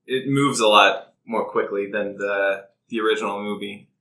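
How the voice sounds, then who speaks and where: A man co-hosting a podcast, talking casually with relaxed, halting phrasing. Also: on the low side. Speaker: podcast co-host. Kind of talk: casual chat. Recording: roomy echo.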